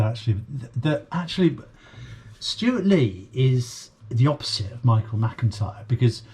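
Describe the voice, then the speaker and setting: A man's voice: mid-range voice, mellow, slightly rough. A British man hosting a reaction video, chatting casually in a hesitant way, full of ums and trailing asides. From Britain. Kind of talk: casual chat.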